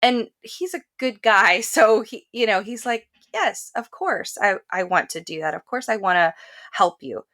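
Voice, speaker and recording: A woman's voice: medium pitch, lively intonation, a little slow, a bit bright. A woman hosting a podcast interview, telling a personal story in a candid, reflective way. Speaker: podcast host. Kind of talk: casual interview chat.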